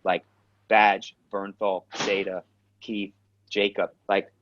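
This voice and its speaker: A man with a New York accent speaks in a fairly low voice, blunt and animated as he tells stories in a casual interview. He swears freely and gets straight to the point. The recording is dull and lo-fi. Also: takes it slowly, slight background noise. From Queens, New York. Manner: direct, animated storyteller who swears. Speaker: actor, guest. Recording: dull lo-fi sound.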